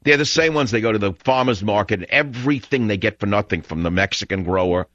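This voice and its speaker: Speaking quickly in a lowish, slightly bright voice, this call-in radio host rants bluntly and with scorn through his monologue. A studio broadcast mic captures it as dull, dry radio audio without echo.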